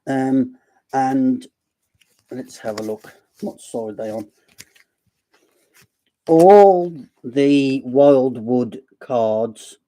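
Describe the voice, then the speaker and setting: A man's voice: medium pitch, expressive, drawn-out words, long pauses, warm tone. A man with a Black Country accent hosting a casual live stream, rambling and self-deprecating as he chats. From Black Country, West Midlands.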